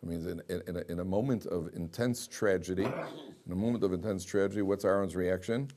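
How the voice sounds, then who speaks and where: A man teaching a Torah class, reading Hebrew verses aloud slowly and explaining them, often asking the class questions and repeating himself. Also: sits low, a little hiss or hum. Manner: animated, asks the class questions and repeats lines.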